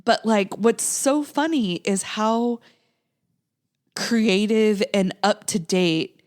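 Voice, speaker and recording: A woman's voice: mid-range voice, lively intonation, slow, a little mellow. A woman co-hosting a podcast in a casual, rambling chat, with many "like"s. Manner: chatty, rambling, lots of "like". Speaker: podcast co-host.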